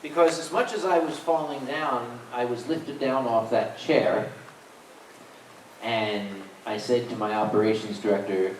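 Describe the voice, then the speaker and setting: A man's voice: medium pitch, measured pace. A man with a Southern US accent, a convention staff panelist telling comic stories to a live audience. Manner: animated, comic storyteller. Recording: roomy hall, distant, faint noise.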